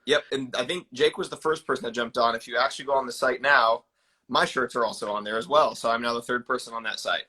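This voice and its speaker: A man in his twenties, a guest on an interview, telling stories in an eager, animated way. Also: mid-range voice, fast. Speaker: guest, ninja competitor. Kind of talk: casual storytelling.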